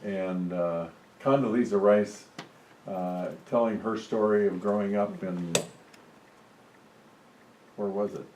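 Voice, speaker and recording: A man's voice: lowish voice, steady tone, slow pace, pauses often, recorded from a distance. A man in a church group offering remarks, hesitant with fillers. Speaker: group member reading a letter. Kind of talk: casual remarks and reading aloud. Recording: echoey room, faint noise.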